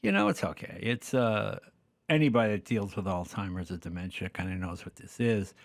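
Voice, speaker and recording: An older man talking as a podcast guest, telling stories casually and acting out the people in them with lively voices. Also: on the low side, brisk, creaky, no room sound, clean studio sound. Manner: acts out the dialogue in lively voices. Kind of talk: casual storytelling.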